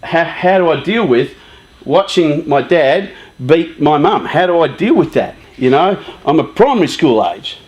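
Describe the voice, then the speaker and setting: A man's voice: fairly high pitch, expressive, unhurried, darkish tone, dull audio. A man in his fifties giving a conversational, joking talk to a live youth group, often asking the audience questions. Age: 50s. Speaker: youth charity speaker.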